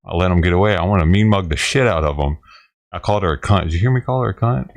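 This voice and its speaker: Gravelly profane man ranting worked-up. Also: sits low, fast. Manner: agitated, profane, laughing. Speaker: vlogger feeding stray cats. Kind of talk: casual ranting vlog.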